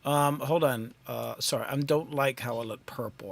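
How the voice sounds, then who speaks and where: A man's voice: medium pitch, normal speed, gravelly. A man hosting a casual live stream from his home mixing studio, thinking aloud and rambling in a self-deprecating way, with lots of ums.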